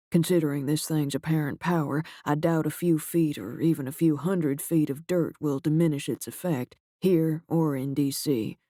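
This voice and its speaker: A male narrator voicing a shaken agency director who speaks in a quiet, halting, grave way. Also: fairly high pitch, no room sound, clean studio sound, natural voice.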